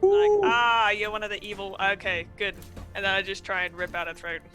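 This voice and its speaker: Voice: mid-range voice, brisk, a bit bright, faint music behind. A player in a tabletop game, describing attacks hesitantly with many fillers. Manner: hesitant, full of fillers and laughs. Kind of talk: casual tabletop game play.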